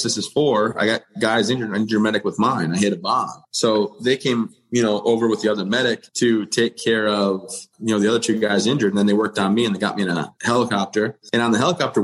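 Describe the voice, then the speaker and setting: Plainspoken veteran man, low voice. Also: poor audio. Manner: plainspoken, steady, matter-of-fact with dry humor. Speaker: guest, wounded army veteran. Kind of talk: interview storytelling.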